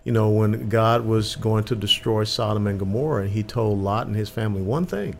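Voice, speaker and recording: Gravelly low-voiced older man. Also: brisk, slight background noise. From Atlanta, Georgia, US. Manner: earnest, emphatic, repeats words when starting. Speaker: guest, military veteran. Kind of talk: conversational interview.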